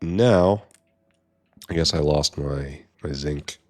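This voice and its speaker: A deep-voiced man talks his way through a long gameplay session at an unhurried pace, half to himself. His commentary is casual and dotted with dry, wry asides. Keyboard clicks and typing sit behind him. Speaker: gameplay streamer.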